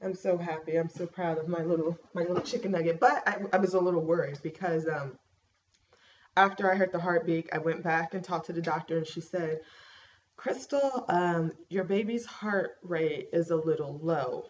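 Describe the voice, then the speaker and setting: A young woman in a casual home vlog, chatting through a pregnancy update with plenty of fillers and lively storytelling. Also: lowish voice, moderate pace. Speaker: vlogger. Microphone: laptop webcam mic. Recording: dull laptop mic with faint hiss.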